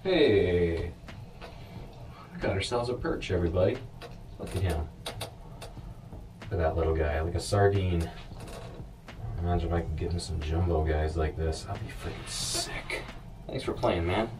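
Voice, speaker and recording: A man's voice: low voice, unhurried, pauses often, distant mic, noisy background. A man vlogging while ice fishing from a shack, chatting to viewers and cheering on the fish. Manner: excitable, talks to the fish and the viewers. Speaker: fishing vlogger and rental guide. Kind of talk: casual talk to camera while ice fishing.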